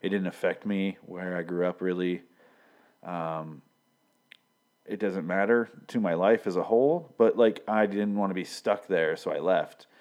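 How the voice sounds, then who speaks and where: This TV episode reviewer is a young man from Michigan whose voice is low-pitched and somewhat dark. His laid-back recap wanders, full of filler words and profanity as he repeats lines from scenes.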